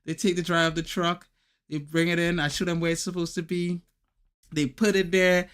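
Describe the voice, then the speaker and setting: A man's voice: high voice, normal speed, clean tone. A man hosting a podcast, chatting casually and acting out voices as he tells stories about his day. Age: adult father of young boys. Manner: animated storyteller, acts out voices in anecdotes. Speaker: podcast host. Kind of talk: casual chat.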